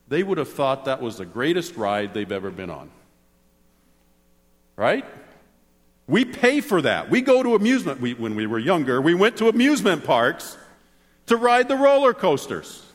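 A man preaching a sermon as pastor, animated, swinging between excited exclamations and soft low asides. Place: church sanctuary. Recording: long hall reverb.

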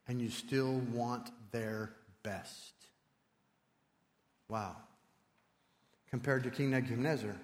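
Male preacher in a reverberant hall. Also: medium pitch. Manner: animated, swinging from loud to hushed. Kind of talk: sermon. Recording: long reverb in a large hall.

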